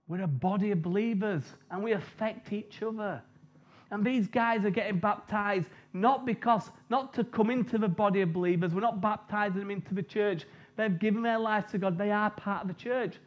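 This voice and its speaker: Male preacher, light high voice, jokey storytelling sermon, muffled lo-fi sound. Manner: chatty, jokey, tells personal stories. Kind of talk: informal sermon. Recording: dull lo-fi recording.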